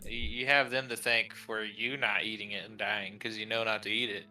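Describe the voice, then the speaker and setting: Bright-voiced man with a Southern drawl. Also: on the low side, flat delivery, distant mic, rough recording. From South Texas. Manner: joking, laughs often, drawn-out filler words. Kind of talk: casual chat.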